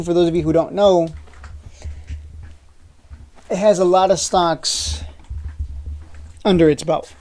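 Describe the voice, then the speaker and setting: A man's voice: high-pitched, dark tone. A man hosting a stock market video, walking through a chart in a casual, urgent way, repeating his points and asking rhetorical questions, with frequent "uh" restarts. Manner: loose, chatty with frequent "uh" restarts.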